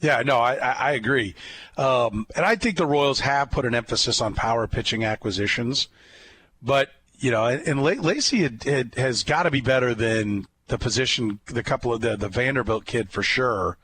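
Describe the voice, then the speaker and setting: A man hosting a sports talk show, chatting casually as an animated storyteller who rambles and restarts often. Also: mid-range voice, normal speed, husky. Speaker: radio sports host.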